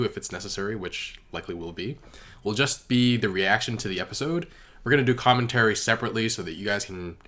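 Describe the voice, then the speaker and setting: A man's voice: on the low side, a bit bright. A young man hosting a reaction video, chatting casually and rambling with lots of fillers. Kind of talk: casual chat to camera.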